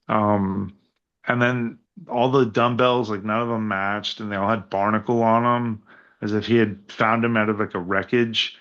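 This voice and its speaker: A man on a podcast as a guest wrestler, telling rambling, profane stories in a casual, animated way. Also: on the low side, dull audio. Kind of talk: casual storytelling chat.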